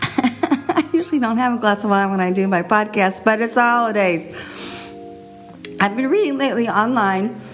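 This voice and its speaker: A middle-aged woman hosting her own podcast, talking in a chatty, animated way and laughing often. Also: mid-range voice. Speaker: podcast host. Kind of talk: casual solo podcast monologue.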